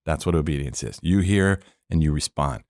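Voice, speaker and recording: A former police officer tells a long story as a podcast guest in a storytelling interview, animatedly acting out the people he quotes and laughing now and then. He has a bass voice and a moderate pace, recorded with studio quality and no echo.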